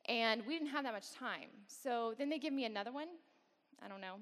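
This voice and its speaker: Speaking fairly quickly in a slightly high, somewhat bright voice, a woman addresses a campus worship service as guest speaker. Her personal story comes out candid and wryly self-mocking, echoing through the long reverb of a big worship hall.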